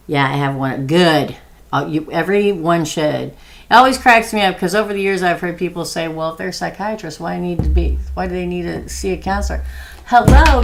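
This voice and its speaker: A woman's voice: sits low, gravelly. A middle-aged woman giving a live tarot reading, chatty and thinking aloud with many ums as she answers viewer questions. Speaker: tarot reader.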